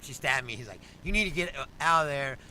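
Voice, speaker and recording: A man's voice: medium pitch, expressive, fast, pushed and bright, a little hiss or hum. A man telling a profane, rambling story in casual chat, acting out the other people's lines. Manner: profane, rambling, acts out quotes. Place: studio.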